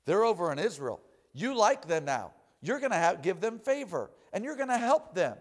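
A man voicing God as a calm, commanding male voice, matter-of-fact and instructing. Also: sits high, normal speed, big-room sound, voice pushed down.

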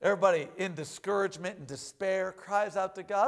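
A man preaching a sermon in an animated way, often calling out "amen?" and "hallelujah.". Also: sits high, a little fast.

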